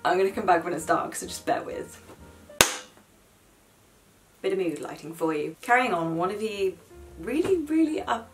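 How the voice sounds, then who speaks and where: A young woman talking casually to camera about books, animated and blunt, with sarcastic asides. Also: fairly low pitch. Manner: chatty, animated, swears and mocks in quoted asides. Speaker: book vlogger. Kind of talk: casual chat.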